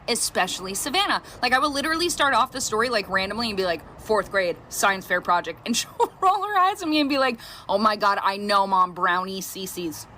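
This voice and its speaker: A middle-aged woman, a mother, telling funny family stories in a casual, animated way, jumping her pitch for quoted voices. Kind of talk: casual storytime.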